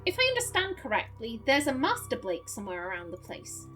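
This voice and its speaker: A woman voicing a cheeky gentleman with a put-on Scottish accent, teasing and familiar. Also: on the high side, huge pitch swings, fairly quick, soft background music. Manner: teasing, familiar, calls others darling.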